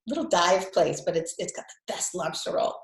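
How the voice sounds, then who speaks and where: A woman's voice: on the low side, lively intonation, fairly quick, echoey room, poor audio. A woman with a faded Boston accent, chatting casually as a guest health coach, repeating words and laughing often. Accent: Boston, mostly faded. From New England. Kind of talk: casual video call chat.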